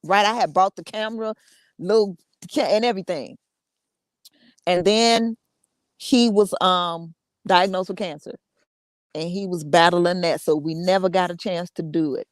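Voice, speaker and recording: A woman hosting a show, sharing a personal story in a casual, halting way with many repeats and laughs. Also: fairly low pitch, no room sound. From United States. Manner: conversational, repeats words, laughs often. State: emotional, fighting tears. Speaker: podcast host.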